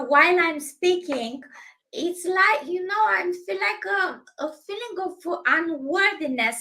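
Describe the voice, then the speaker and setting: A Romanian-accented woman hosts a podcast in English, her second language. Her voice is very high and bright. She hesitates often and pauses to find her words. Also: low-quality recording. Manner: hesitant, many fillers, searching for words. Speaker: podcast host. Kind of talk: casual podcast chat.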